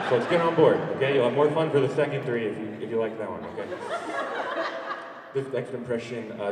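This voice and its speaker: A man's voice: fairly low pitch, heavy background noise. A male stand-up comedian performing a live set in a warehouse, playfully teasing the audience. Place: warehouse venue. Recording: echoey warehouse, far mic, loud crowd.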